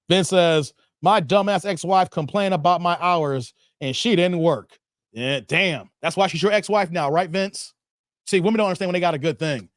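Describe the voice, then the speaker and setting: A man's voice: on the high side, dry recording, studio quality. A man hosting a livestream, reading chat comments aloud in casual slangy banter and laughing often.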